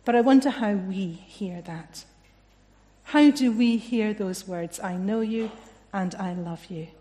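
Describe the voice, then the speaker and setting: A woman preaching a sermon in a gentle, reflective way, often dropping softly in volume. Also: medium pitch, takes it slowly. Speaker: family and children's worker preaching. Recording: long echo of a hall.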